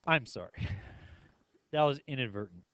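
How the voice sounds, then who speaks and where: A man's voice: medium pitch, lively intonation, moderate pace, a bit bright, no echo, muffled recording. A male math teacher lecturing a class in a playful way, asking his students many questions.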